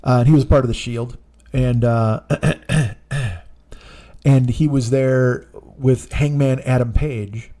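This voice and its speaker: Slowly and in a steady, mellow mid-range voice, a comedian in his forties relates a long, profane, wandering tale on the show he hosts. He sounds relaxed but fed up.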